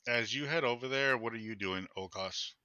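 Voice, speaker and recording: A man narrating as dungeon master of a tabletop game, describing scenes slowly with fillers. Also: medium pitch, bright, forceful tone, clean tone, no room sound, lo-fi sound. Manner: slow, halting descriptions with fillers.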